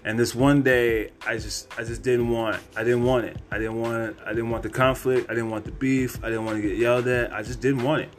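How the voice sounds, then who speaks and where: A man's voice: medium pitch, little pitch movement, a little fast, few pauses, faint music behind. A man hosting a podcast, telling a personal story in a candid, rambling way with plenty of cursing. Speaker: podcast host.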